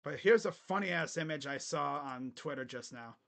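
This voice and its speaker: A young man hosting a casual live basketball reaction, joking bluntly and crudely with sudden loud bursts. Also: a little high, animated, normal speed, creaky. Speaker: sports channel host. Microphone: webcam setup.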